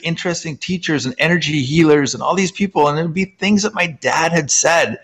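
A man from Canada, a guest author, telling personal stories in an interview, full of fillers and sudden jumps up in pitch. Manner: animated, filler-heavy, frequent jumps up in pitch. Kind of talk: emotional personal storytelling in an interview.

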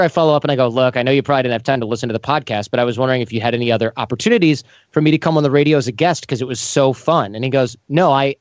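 Animated man telling stories in an interview. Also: medium pitch, no echo, muffled recording. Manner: animated, acts out quoted voices. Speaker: podcast host as guest. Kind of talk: casual storytelling interview.

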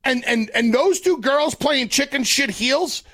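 A man's voice: extremely high pitch, animated, a little slow, sharp tone. A man co-hosting a wrestling podcast, giving blunt, opinionated takes with some swearing in casual chat.

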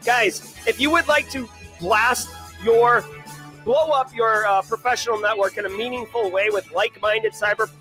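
A man with a Boston accent hosting a daily cyber news live stream, talking in an energetic, rambling, self-joking way. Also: high-pitched, normal speed, faint music behind. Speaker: host. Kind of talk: casual live-stream chat.

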